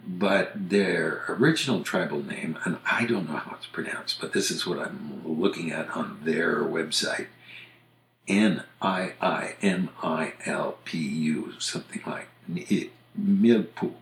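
A man from the United States hosting a podcast, casually explaining things in a measured way and spelling words out letter by letter. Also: rumbling low, fairly bright tone, roomy sound. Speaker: podcast host on English usage.

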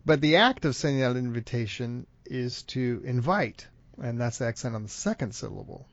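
A man's voice: mid-range voice, fairly quick, gravelly, no room sound. A man hosting a casual podcast chat in a friendly, easygoing way, laughing often. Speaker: podcast host. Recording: dry, dull lo-fi sound.

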